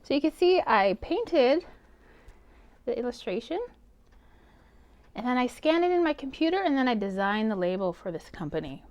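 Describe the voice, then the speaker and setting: A bright, high-voiced woman talks viewers through a craft project. Her pitch swings widely and she sounds playful and chatty as she works. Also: sing-song, moderate pace, long pauses, lo-fi sound. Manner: chatty, playful, upbeat, talks while working. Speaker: art teacher. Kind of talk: casual craft tutorial.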